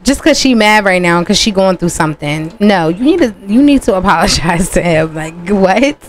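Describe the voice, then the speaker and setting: A woman's voice: mid-range voice, expressive, normal speed. A woman giving casual gameplay commentary, chatting and playfully scolding the characters on screen. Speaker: game streamer.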